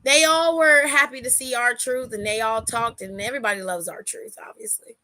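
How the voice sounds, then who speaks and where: A woman hosting a podcast, recapping a wrestling show in a casual, animated way and acting out what people said. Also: fairly high pitch, normal speed. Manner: animated storytelling, acts out quotes, laughs often. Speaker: podcast host.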